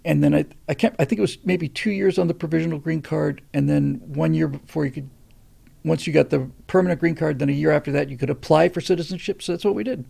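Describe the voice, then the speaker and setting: A man's voice: fairly even intonation, quick pace, vocal fry, mellow, husky. An older man hosting a show, talking casually and earnestly, and getting emphatic when he makes his points. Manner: earnest, builds to emphatic pitch on key points. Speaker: host. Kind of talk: casual monologue answering a question.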